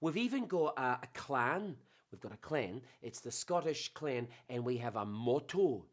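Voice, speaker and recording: A man hosting a casual, playful monologue, rambling warmly between jokes and memories. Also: mid-range voice, big pitch swings, measured pace. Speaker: host.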